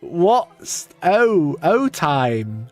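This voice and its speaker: A man's voice: fairly high pitch, very animated, very slow, faint music behind. A man streaming live as he works through a word puzzle. He talks to himself and to his chat, laughs often, mocks himself and swears.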